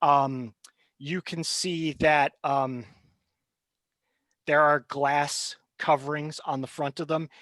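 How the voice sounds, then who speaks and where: A man narrating a tabletop game as game master, brisk and relaxed, with fillers. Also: on the high side, dry recording.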